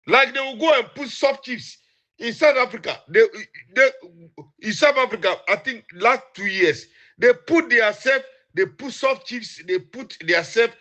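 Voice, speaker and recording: A man's voice: very high voice, moderate pace, sharp tone. A man ranting in an accusing way, repeating rhetorical questions. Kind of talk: heated rant.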